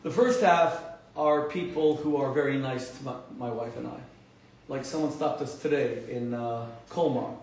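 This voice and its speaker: Impassioned rabbi host in an echoey room. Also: male voice, normal speed, recorded from a distance, a little hiss or hum. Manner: animated, emphatic, rises sharply in pitch when stressing points, frequent restarts. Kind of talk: impassioned storytelling monologue.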